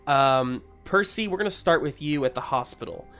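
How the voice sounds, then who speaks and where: A man's voice: on the high side, lively intonation, normal speed, fairly bright tone, faint music behind. A man narrating as game master in a tabletop game, in a loose, filler-heavy way.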